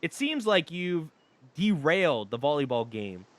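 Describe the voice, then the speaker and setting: A man streaming a dating game, reading it aloud with animated, laughing, rambling asides. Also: on the high side, measured pace. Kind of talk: casual gameplay commentary.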